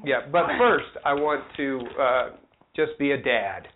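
A man co-hosting a radio show, reading local news items briskly and teasing his co-host in casual chat. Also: mid-range voice, lively intonation, a little hiss or hum. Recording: tinny phone-like broadcast audio.

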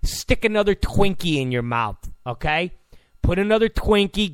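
A man's voice: sits high, animated, normal speed, clean tone, dry recording. A man hosting a talk radio show, ranting in a sarcastic, mocking, abrasive tone.

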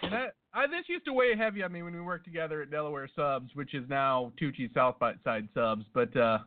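Male co-host, deadpan absurd riffer, somewhat high voice, phone-quality sound. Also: a little fast. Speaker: podcast co-host. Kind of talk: casual comedic banter.

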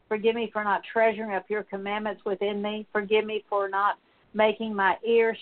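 Woman leading a confession prayer, tinny. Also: mid-range voice. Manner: steady repeated litany of petitions. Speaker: prayer minister. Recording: tinny phone-like sound.

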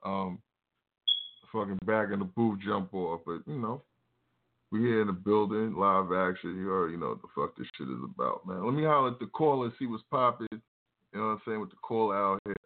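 A man's voice: fairly low pitch, a little fast. A man hosting a casual live radio show, talking in laid-back street slang with lots of fillers. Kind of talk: casual talk radio chat. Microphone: Facebook live stream. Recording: tinny phone-like line.

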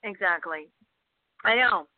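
A woman, a guest actress, telling stories in a casual podcast chat, full of fillers and loud acted-out quotes. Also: medium pitch, slow pace, dry recording. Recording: tinny phone-like line.

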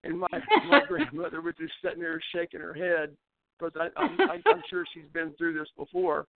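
An older man with a drawl tells long, rambling farm stories and keeps restarting his sentences. His voice sits high for a man. He is heard over a tinny phone line. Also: big pitch swings, moderate pace, vocal fry, a crowd in the background. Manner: rambling folksy storyteller, frequent restarts, laughs at his own tales. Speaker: interview guest, former baseball pitcher. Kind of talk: storytelling in a casual interview.

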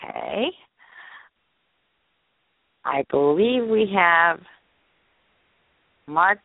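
A woman co-hosting a live call-in show, chatting in a supportive, lively way. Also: on the low side, drawn-out words, creaky, dry recording. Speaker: co-host. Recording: tinny phone-line sound.

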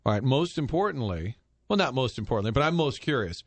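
A man's voice: mid-range voice, big pitch swings, quick pace, dry recording. Upbeat male sports radio host, dry studio sound. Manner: upbeat, jokey, plugs sponsors. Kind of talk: casual sports radio chat and live reads.

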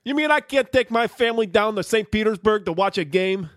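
A man voicing a brash male Chicago hockey fan with an overdone Chicago accent, loud and blustering. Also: high-pitched, animated, brisk, dry recording, clean studio sound, pitched above the performer's own voice.

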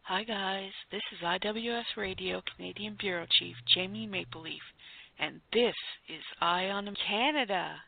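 A woman's voice: mid-range voice, normal speed, gravelly. A woman hosting a comic radio segment, gushing and giddy like a starstruck fan. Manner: gushing, giddy, breathless fangirl. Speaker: comedy segment host. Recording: phone-like narrow sound.

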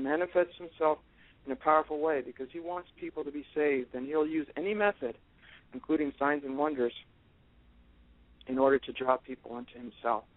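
A man speaking as a missionary guest in an interview, explaining things in a steady way. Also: fairly high pitch, dry recording. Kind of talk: conversational faith interview. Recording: tinny phone-line sound.

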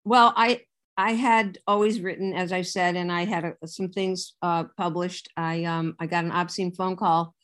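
A woman's voice: fairly low pitch, moderate pace. An older woman, an author and writing teacher, telling a funny story as an interview guest, acting out the voices and laughing often. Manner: lively raconteur, acts out quotes, laughs often.

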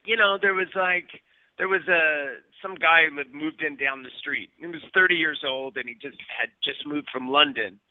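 Man with a slightly high, phone-thin voice. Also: normal speed, no room sound. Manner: rambling, restarts often, playful slang. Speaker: guest actor. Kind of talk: casual chat. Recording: phone-like audio.

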